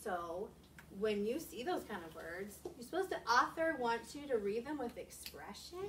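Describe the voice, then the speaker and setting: Teacher lady talking to little kids, bouncy lively voice, kinda high, echoey classroom heard from far off. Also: moderate pace, a little hiss or hum. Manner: animated and expressive, asking many questions. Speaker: elementary school teacher. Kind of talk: teaching a class of young children.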